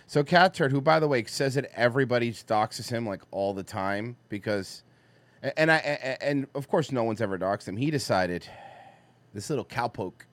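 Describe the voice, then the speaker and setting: A man's voice: mid-range voice, no echo. A man co-hosting a casual podcast, swearing and making wry jokes. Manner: profane, wry, riffs on news. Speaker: podcast co-host. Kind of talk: casual chat.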